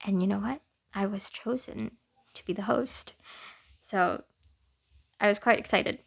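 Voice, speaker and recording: A woman's voice: medium pitch, measured pace, gravelly, slightly rough. A young woman casually talking through her year in a vlog, chatty and self-deprecating, often laughing at herself. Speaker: vlogger.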